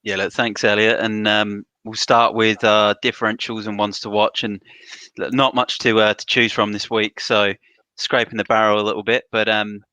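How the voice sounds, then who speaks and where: Low, bright-toned male pundit. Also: normal speed, clean tone, no echo. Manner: relaxed, filler-heavy. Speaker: panel pundit. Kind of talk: casual podcast chat.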